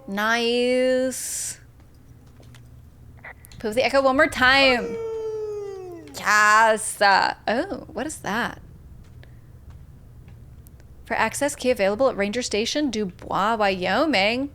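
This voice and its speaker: Excitable woman streamer, kinda high voice, chatting with chat while playing. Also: slow, long pauses, a little hiss or hum. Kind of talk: live gameplay commentary.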